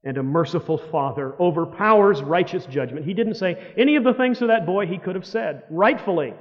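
A man preaching a sermon, telling stories dramatically, with loud outbursts that drop to hushed words. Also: high-pitched, animated, brisk, hardly any pauses. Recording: dull long-reverb hall sound.

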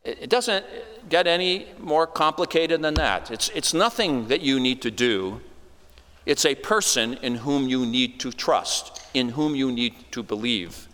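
A man's voice: mid-range voice, animated, unhurried, a bit bright, slight background noise. A man preaching an expository sermon in a conversational way, with wry asides. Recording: long reverb of a large hall.

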